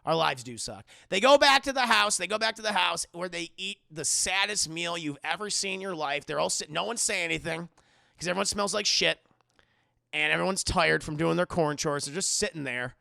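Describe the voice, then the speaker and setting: A young man recaps a horror film for his live chat, swearing and jumping into character voices. His voice is high and gravelly with a bright, tense edge. The sound is close and dry. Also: fairly quick, no room sound. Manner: animated, profane, addresses chat. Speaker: movie reviewer streaming live. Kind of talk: casual livestream movie recap.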